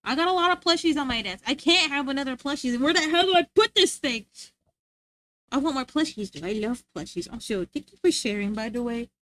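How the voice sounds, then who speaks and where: This woman's delivery is animated and brisk, her tone fairly bright, and the recording dry. She's casually chatting on a livestream, playful and rambling, tripping on words and restarting sentences, and she scolds her dog in a high sing-song voice.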